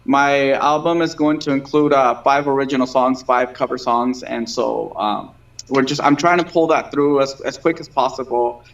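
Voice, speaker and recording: A man's voice: mid-range voice, fairly even intonation, moderate pace. A man in his thirties, a singer being interviewed, chatting casually with many fillers and restarts. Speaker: guest singer. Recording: dull lo-fi stream audio.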